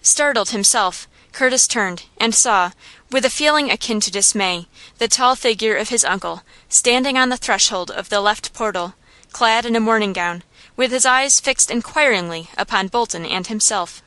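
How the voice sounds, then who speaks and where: Bright-voiced woman reading an audiobook. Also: on the high side, moderate pace, clean tone, no echo. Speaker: audiobook reader. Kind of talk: audiobook narration.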